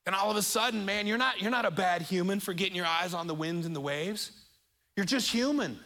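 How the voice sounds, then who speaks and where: Bright-voiced, earnest male pastor. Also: high-pitched, fairly quick. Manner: earnest, conversational, repeats words as he restarts. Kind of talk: sermon. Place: church auditorium.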